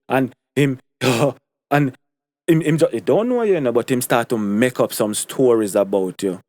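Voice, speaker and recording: A man's voice: mid-range voice, expressive, measured pace, darkish tone, no room sound. Emphatic Jamaican man, dry close sound. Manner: emphatic, repeats his points for stress. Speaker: commentary vlogger. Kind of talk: opinion monologue to camera.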